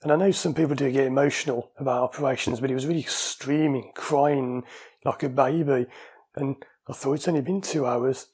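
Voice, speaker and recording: A man with a husky, slightly breathy voice at a middling pitch tells stories about his own experience in a chatty way, often laughing along. The sound is recorded at home on a small dictaphone. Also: steady tone, fairly quick, a little mellow. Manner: chatty, anecdotal, laughs while telling stories. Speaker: vlogger sharing his surgery experience. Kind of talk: casual storytelling to camera. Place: at home, indoors.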